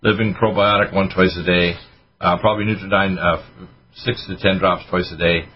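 A man hosting a health call-in radio show as a doctor, quickly rattling off lists of supplements and advice. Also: sits low, steady tone, slight background noise. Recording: muffled radio broadcast with music.

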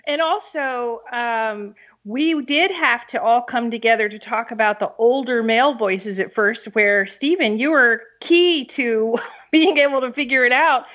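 A woman author chats casually on a podcast. She speaks directly and plainly, with a bright, rather high voice. The sound is dull and lo-fi. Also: unhurried. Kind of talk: casual conversation. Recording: dull lo-fi audio.

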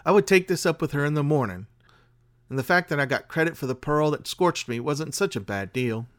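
A man hosting a podcast and reading a spooky tale aloud in a measured, dramatic way. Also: fairly high pitch, animated, fairly bright tone. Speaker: podcast host and story reader. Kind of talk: scripted story narration.

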